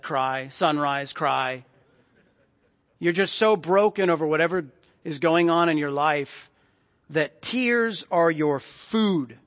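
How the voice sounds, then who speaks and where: A man preaching a sermon in a conversational way, often dropping to soft, low tones for emphasis. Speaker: pastor. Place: church sanctuary. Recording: long reverb of a large hall.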